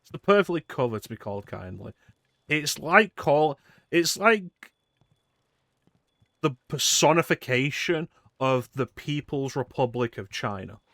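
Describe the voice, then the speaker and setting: A man's voice: mid-range voice, animated, measured pace, fairly bright tone, no echo. A man streaming a video game, giving casual, crude, joking commentary from a desk mic at home.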